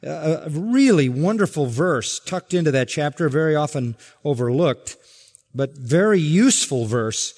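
A man's voice: fairly high pitch, animated, measured pace, a little mellow. A man preaching a sermon as pastor, emphatic and building his points through rhetorical questions. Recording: long reverb from a large hall.

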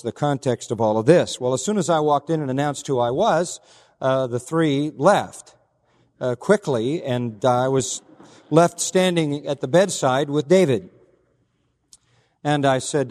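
A man preaching a sermon as pastor, telling a story earnestly and quoting others in a softer voice. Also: mid-range voice, a little slow, long reverb tail.

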